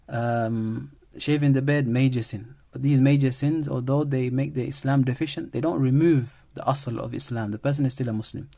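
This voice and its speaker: A man's voice: medium pitch, fairly even intonation, moderate pace, creaky, hardly any pauses, mellow. Man teaching grammar, repeating key phrases. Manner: repeats key phrases, explains with everyday examples. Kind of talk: classroom-style grammar lesson.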